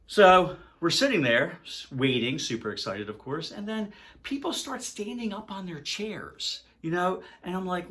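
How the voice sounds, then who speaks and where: Animated older man telling stories. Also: fairly high pitch, unhurried. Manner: animated, swings between loud excitement and hushed dread. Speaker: music vlogger. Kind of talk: casual storytelling to camera.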